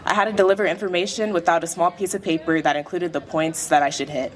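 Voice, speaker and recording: A teenage girl with a fairly low voice gives her graduation speech at a school dinner, steady and reflective as she reads from her page. She speaks into a podium microphone. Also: fast talker, slight background noise. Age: late teens. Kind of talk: prepared speech read aloud.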